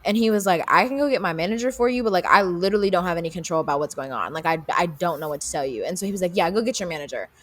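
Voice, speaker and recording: A woman's voice: on the low side, animated, racing, few pauses, a bit bright. A young woman co-hosting a podcast, retelling a story casually with lots of fillers, swearing, and acted-out quotes. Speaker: podcast co-host.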